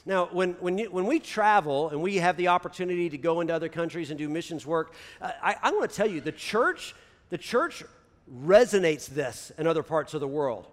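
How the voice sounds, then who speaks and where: Fast-talking pastor, high voice. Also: male voice, expressive. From United States. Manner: talks very fast, crams ideas together; casual, peppered with "right?". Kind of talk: conversational sermon. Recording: long reverb of a large hall.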